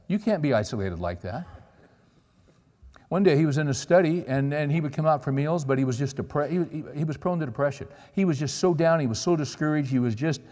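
A man's voice: fairly high pitch, darkish tone. A middle-aged man preaching a sermon, telling stories in a conversational way and checking in with the audience. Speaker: pastor. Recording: long reverb of a large hall.

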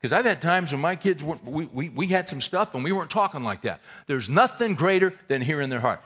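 A middle-aged male pastor preaching a sermon in a conversational way, moving between loud emphatic points and quiet, intimate passages. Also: fairly high pitch, expressive, brisk, slightly rough.

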